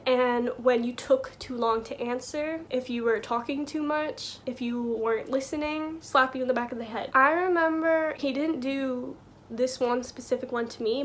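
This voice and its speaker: A young woman in her twenties speaks softly and casually, scattering filler words through a personal story. Her voice sits high for a woman. Faint background hiss runs under the recording. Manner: soft-spoken, many filler likes, gets choked up. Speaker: vlogger.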